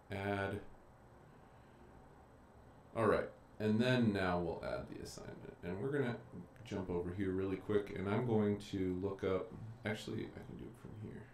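A male teacher with a very low voice talks his students through a live stream, chatty and unhurried as he thinks aloud. His voice carries the echo of a bare room, with a faint hiss behind it. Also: a little mellow. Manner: chatty, thinking aloud while clicking around. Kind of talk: casual live-streamed lecture. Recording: echoey room with faint noise.

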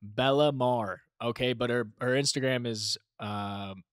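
A man co-hosting a podcast, chatting casually and telling self-mocking stories, acting out quotes with lively energy. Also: medium pitch, measured pace, clean tone, no echo, studio quality. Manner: animated, self-mocking storyteller who acts out quotes. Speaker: podcast co-host.

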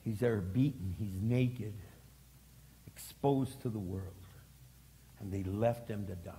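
A man's voice: lowish voice, slow, warm tone. A middle-aged male pastor preaching a sermon, with dramatic delivery and lots of repetition. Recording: long hall reverb.

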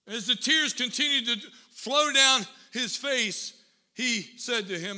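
Guy preaching in church, high bright voice, builds up intensity telling a story. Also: animated. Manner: storytelling with rising intensity and emphatic pauses. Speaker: pastor. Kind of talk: sermon.

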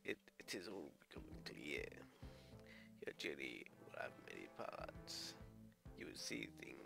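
A man voicing a mysterious female fortune teller in a video game, with an attempted Jamaican accent, speaking slowly and ominously. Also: sing-song, vocal fry, music in the background, exaggerated voice. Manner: slow, low, ominous prophecy.

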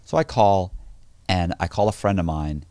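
A man with a very low voice tells a story in a relaxed, conversational way, breaking off and restarting his sentences. He slips into other people's voices when he quotes them, and the sound is close and dry. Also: moderate pace, no echo. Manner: loose, restarting phrases. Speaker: podcast guest. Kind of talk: casual storytelling.

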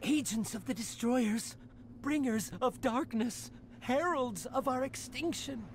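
A woman's voice: fairly high pitch, takes it slowly, a little hiss or hum. A woman voicing an unstable scientist who rants grim prophecies of doom in a video game. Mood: doom-laden. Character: unhinged doomsaying male scientist.

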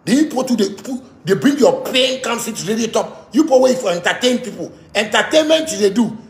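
A man's voice: very high-pitched, lively intonation, fairly quick, roomy sound. A man with a Ghanaian accent, delivering an angry rant monologue that mixes pidgin with local-language phrases. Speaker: musician.

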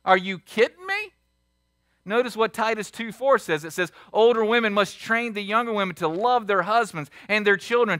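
High, bright-voiced man preaching. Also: dry recording, studio quality. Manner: emphatic, shifting between loud and hushed; asks the congregation many rhetorical questions. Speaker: pastor. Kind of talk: sermon. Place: church sanctuary.

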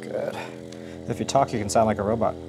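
A male chiropractor talking a patient through treatment in a calm, instructive way with the odd light joke. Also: lowish voice, a little fast, background noise.

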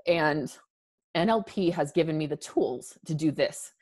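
A woman's voice: sits low, expressive, measured pace, darkish tone. A woman in her thirties, a podcast guest talking candidly and emphatically. She restarts her sentences often and is close to tears. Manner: earnest and emphatic, with frequent restarts. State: emotional, near tears. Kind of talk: candid conversational interview.

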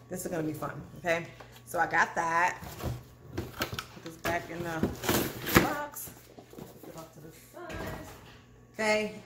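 A woman chatting casually to her viewers while unboxing in her home kitchen, animated and calling them "y'all". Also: fairly low pitch. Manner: animated, addresses viewers as "y'all", frequent "okay?". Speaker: cooking channel vlogger. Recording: echoey kitchen with clear background noise.

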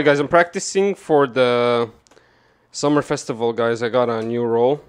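A man giving casual, rambling commentary to his chat while opening card boxes, swearing and jumping from calm talk to loud rants. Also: mid-range voice, moderate pace, clean tone. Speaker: card game streamer.

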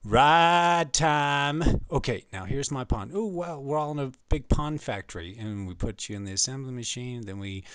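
A man's voice: mid-range voice, brisk, hardly any pauses, dry recording. A man improvising a rambling, absurd comic story on his own, hopping between scenes.

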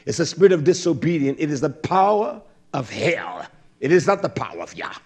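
A man preaching a sermon, quoting and expounding scripture, swinging from shouted high exclamations to low murmurs. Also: big pitch swings, husky. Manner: quotes and expounds scripture, drawn-out emphatic words.

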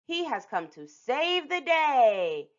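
A woman reading a picture book aloud to children as a storytime host, expressive and lingering on some phrases with dramatic pauses. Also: sits high. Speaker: storytime reader. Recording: dull lo-fi recording.

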